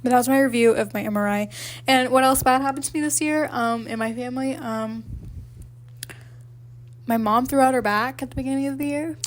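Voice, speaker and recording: A woman's voice: high-pitched, fairly quick. A young woman co-hosting a podcast, telling a long rambling story in casual chat, full of fillers and laughter. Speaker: podcast co-host.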